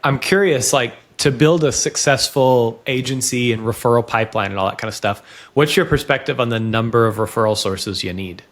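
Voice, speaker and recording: A man hosting a podcast, asking questions and closing the show in an upbeat way. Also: medium pitch. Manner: upbeat, brisk interviewer. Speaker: podcast host. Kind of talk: interview hosting.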